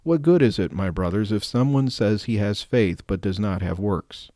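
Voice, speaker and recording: A man with a low, mellow voice leads a rosary, alternating short scripture readings with repeated prayers. His delivery is steady and measured, and the sound is dry and close. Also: no room sound. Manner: steady, measured devotional recitation. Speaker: prayer leader.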